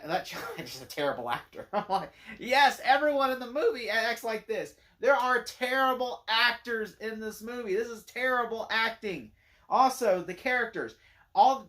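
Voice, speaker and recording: A man's voice: high-pitched, fairly bright tone. A man giving a casual spoken movie review, rambling and opinionated and leaning hard on "like" as a filler. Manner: rambling and opinionated, heavy use of "like".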